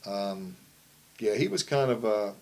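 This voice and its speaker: A man's voice: lowish voice, expressive, a little slow, darkish tone, rough recording. A middle-aged man telling wrestling stories in a casual interview, rambling and profane, often asking "you know what I mean". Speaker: wrestling promoter.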